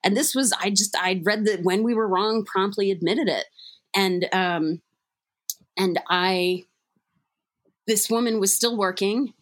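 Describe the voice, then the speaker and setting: Woman, young adult, candid storytelling, chatty, lots of fillers, self-deprecating, mid-pitched voice. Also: a little slow, pauses often. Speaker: guest sharing recovery story.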